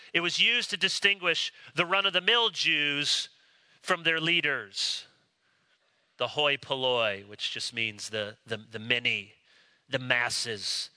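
A man preaching a sermon, animated, acting out quoted voices as he explains a Bible passage. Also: medium pitch, smooth, no echo. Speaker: pastor.

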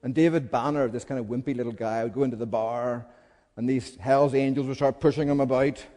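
A man preaching with fervour, his voice dropping to a hush and then rising to urgent appeals. It is a mid-pitched voice carried by a long hall reverb, the sound of a church. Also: fairly even intonation, fairly quick. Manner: impassioned, swings from hushed pleading to loud urgent calls. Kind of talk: sermon.

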